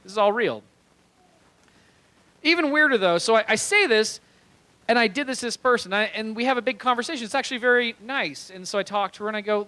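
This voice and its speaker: A man's voice: high voice, fairly quick, pushed and bright, dry recording, poor audio. A young man doing stand-up comedy on a small club stage, telling a rambling story animatedly and laughing at his own lines.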